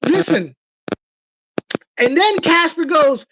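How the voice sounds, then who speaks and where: A woman hosting a casual livestream chat, telling stories with animated delivery and acting out the voices of people she quotes. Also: a little high, moderate pace, dry recording, low-quality recording. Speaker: livestream host.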